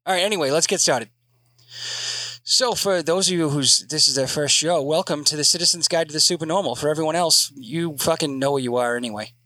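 A man hosting a casual podcast, joking and swearing as he rambles through announcements. His voice is bright and a little high for a man. The sound is dry and close. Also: a little fast, dry recording. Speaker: podcast host.

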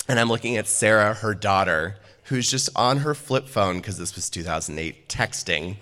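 A man with a somewhat low voice tells a story from his own life. He keeps it lively and animated, and he breaks into laughter again and again as he talks. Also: normal speed, few pauses, a faint crowd. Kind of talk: telling a personal anecdote.

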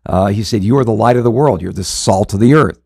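A man's voice: on the low side, fast, a little mellow, slightly rough, no echo. Earnest pastor man, dry close sound. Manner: earnest, rambling with frequent restarts and fillers. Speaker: pastor and show host. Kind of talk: conversational Bible teaching.

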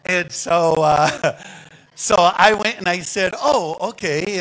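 A man preaching in a church, telling a personal story in a lively sermon that swings from hushed asides to loud exclamations. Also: a little high, rough recording. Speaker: guest preacher. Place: church sanctuary.

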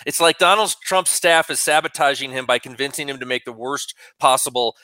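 Bright-voiced male radio co-host. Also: medium pitch, no room sound. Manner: reads out quotes and tweets, halting with fillers. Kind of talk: talk radio banter.

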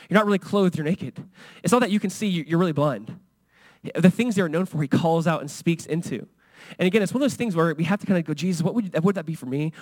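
A male pastor preaching a sermon in a conversational, animated way, often acting out quoted lines. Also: fairly high pitch, no room sound.

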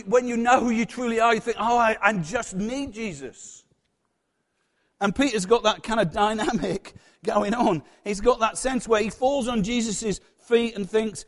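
High-voiced preacher in a reverberant hall. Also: male voice. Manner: earnest, repeats words, acts out quoted voices. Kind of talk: sermon. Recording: long reverb of a church hall.

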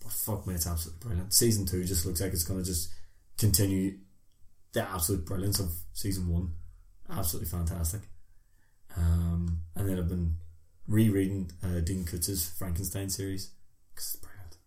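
A man's voice: low voice, flat delivery, normal speed, mellow. A man hosting a podcast with friends, chatting casually in a rambling, sweary way. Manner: swearing, rambling, laughs often. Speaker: podcast host. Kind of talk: casual chat. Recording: echoey room.

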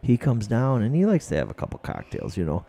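A man's voice: mid-range voice, wildly swooping pitch, fairly quick, gravelly, warm tone. A man casually telling a rambling, profane story among friends on a talk show.

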